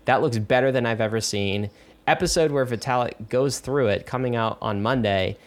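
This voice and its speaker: A man co-hosting a podcast in casual chat, talking in an animated, emphatic way with lots of fillers. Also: mid-range voice, moderate pace. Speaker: podcast co-host.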